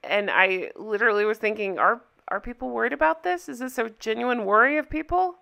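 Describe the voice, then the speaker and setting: A woman's voice: on the high side, expressive, a little fast, gravelly, bright, forceful tone, smooth, dull audio. A woman hosting a reaction video, talking casually with sarcastic disbelief. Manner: sarcastic, incredulous. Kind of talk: casual commentary.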